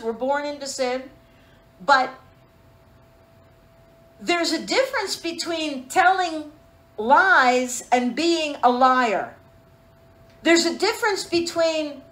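Woman preacher, high voice, emphatic sermon delivery, echoey room. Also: a bit bright. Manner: emphatic, calls for amens, rhetorical questions.

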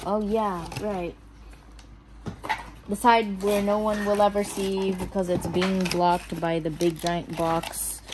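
A woman's voice: mid-range voice, a little hiss or hum, rough recording. A woman vlogger chatting casually to herself as she unboxes and builds a toy house, nervous and fretting that she will mess it up. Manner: nervous, self-talking, keeps saying she is scared. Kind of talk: casual unboxing and crafting commentary.

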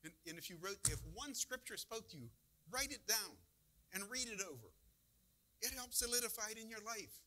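A male pastor preaches in a church, talking to the congregation in a conversational way and asking many rhetorical questions. His voice sits a little high and sounds bright and forceful. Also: big pitch swings, normal speed, slight background noise. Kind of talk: sermon.

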